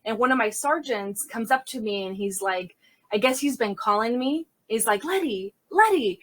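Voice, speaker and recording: A woman crime scene investigator telling a personal story in conversation, in a vivid retelling full of quick restarts and self-corrections. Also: a little high, fairly bright tone.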